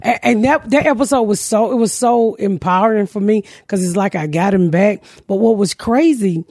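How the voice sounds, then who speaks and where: A woman's voice: medium pitch, moderate pace, dark tone, no echo, studio quality. Profane storytelling woman host. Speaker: podcast host, comedian. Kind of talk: casual chat.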